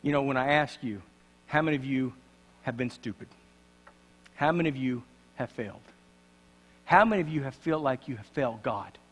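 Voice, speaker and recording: A man preaching a sermon in a church, swinging dramatically from loud passages to hushed ones. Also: medium pitch, moderate pace, pauses often. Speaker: pastor. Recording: long church reverb.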